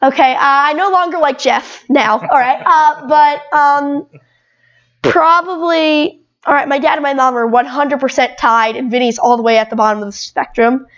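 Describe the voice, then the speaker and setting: A woman's voice: high voice, moderate pace, fairly bright tone, lo-fi sound. A twelve-year-old girl who is a guest on a podcast. She chats casually and rambles, with lots of "like" and restarts. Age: 12 years old. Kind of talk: casual chat.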